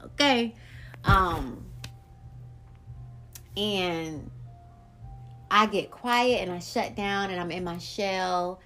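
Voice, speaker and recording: A woman hosting her own podcast, talking in a blunt, profane and animated solo monologue about her life. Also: medium pitch, extremely slow, pauses often, faint music behind. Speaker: podcast host.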